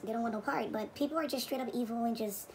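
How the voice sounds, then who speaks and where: Woman, reaction host, fairly high voice, preachy, repeats herself for emphasis. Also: quick pace, slight background noise, rough recording. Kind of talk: reaction commentary.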